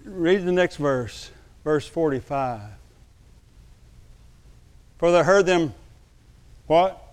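A pastor preaching a lively sermon to his church, dropping to quiet asides and then calling out loud. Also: on the high side, drawn-out words, clear, resonant tone. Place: church sanctuary.

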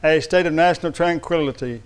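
Clear-voiced male pastor preaching emphatically. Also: on the high side, brisk. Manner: emphatic, calls on the congregation to respond. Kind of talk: sermon.

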